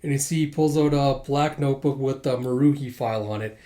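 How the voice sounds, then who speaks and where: A man's voice: mid-range voice, a little fast, dark tone. A man recapping a comic chapter in casual, chatty talk, with lots of fillers and laughs. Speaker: comic chapter reader and commentator.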